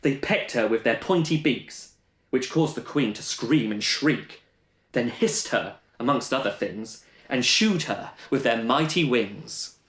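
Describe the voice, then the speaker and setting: A man's voice: medium pitch, animated, a little slow, a bit bright. A man telling a rhyming panto-style story with a playful, sing-song delivery. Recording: roomy echo.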